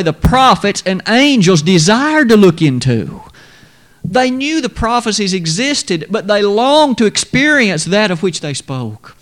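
A man delivering a sermon with a slightly higher-than-usual voice. He preaches in a measured, emphatic manner, climbing and falling in pitch to drive home his points.

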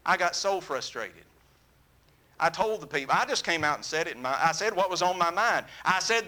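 A man preaching a sermon, telling a story in an earnest, animated way that drops to a soft, intimate tone. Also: high voice, brisk.

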